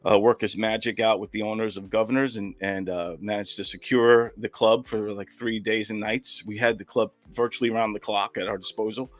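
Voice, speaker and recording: A man's voice: on the low side, fairly even intonation, brisk, hardly any pauses, no echo. A man, a filmmaker and comedian, telling a rambling anecdotal story in casual chat over a video call.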